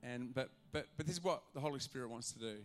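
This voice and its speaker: A male pastor preaching a sermon to a church congregation, animated and acting out the voices in his stories. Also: mid-range voice, quick pace, faint music behind. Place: church auditorium.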